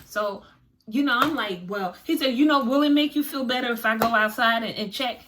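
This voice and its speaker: A woman vlogger telling a story to her viewers in a dramatic, animated way, acting out the dialogue, with features. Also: a little high, fairly quick, noisy background.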